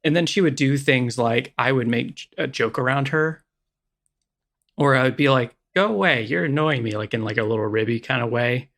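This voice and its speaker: Gravelly-voiced man telling a story. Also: medium pitch, normal speed, fairly bright tone. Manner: rambling, self-deprecating, lots of restarts. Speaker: podcast co-host. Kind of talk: casual storytelling chat.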